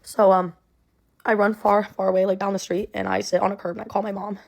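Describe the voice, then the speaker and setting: A woman's voice: medium pitch, level tone, brisk, gravelly. A young woman telling a personal story in a rambling way, full of "like" and "um". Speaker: storyteller in a clip.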